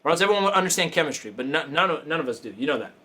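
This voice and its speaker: A man hosting a coaching show with a high voice that swings widely in pitch. He talks in a loose, emphatic motivational way, hammering phrases over and over and throwing in swearing and laughter. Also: lively intonation, racing, sharp tone. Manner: emphatic, repetitive, profane, laughing asides. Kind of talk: casual motivational talk.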